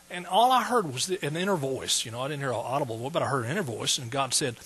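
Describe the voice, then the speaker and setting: Male preacher, folksy and emotional, bright raspy voice, mains hum on the recording. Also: mid-range voice, animated, fast, few pauses, rough recording. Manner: folksy, emotional storytelling with fillers. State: close to tears. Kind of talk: sermon testimony.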